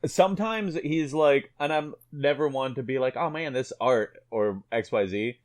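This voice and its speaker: A man's voice: mid-range voice, normal speed. A man chatting casually on a comics podcast, acting out comic book lines as he talks. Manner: animated, acts out comic dialogue. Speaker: podcast panelist.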